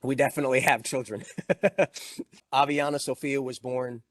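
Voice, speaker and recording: A man's voice: medium pitch, fairly even intonation, moderate pace, a bit bright, no room sound. A middle-aged man giving an inspirational keynote talk, telling a personal story with emphasis and growing emotion. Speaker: motivational speaker.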